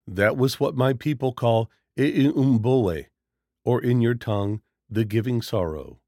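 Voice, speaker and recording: A man voicing a calm, solemn male warrior of the forest who speaks in a measured, formal way in a storybook reading. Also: mid-range voice, dry recording, studio quality.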